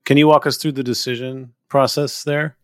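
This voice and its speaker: A man's voice: medium pitch, level tone, normal speed, no room sound, clean studio sound. A man asking a guest an interview question on a podcast.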